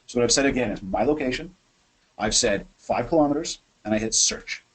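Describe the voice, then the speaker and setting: A man hosting a webinar from his office, coaching sales in an energetic, chatty way and acting out phone calls. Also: mid-range voice, brisk, slightly rough, low-quality recording. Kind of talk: animated software demo and sales coaching.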